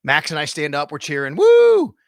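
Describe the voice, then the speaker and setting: A middle-aged man, hosting a casual sports podcast and retelling stories with animated detail. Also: mid-range voice, brisk, dry recording. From Western New York. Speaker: podcast host.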